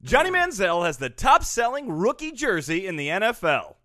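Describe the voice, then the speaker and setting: Rich: a male co-host whose high voice swings a lot, recorded close and dry with no room around it. He teases the others in easy, casual banter. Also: wildly swooping pitch, normal speed, pushed and bright, dry recording. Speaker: podcast co-host. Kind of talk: casual comedic chat.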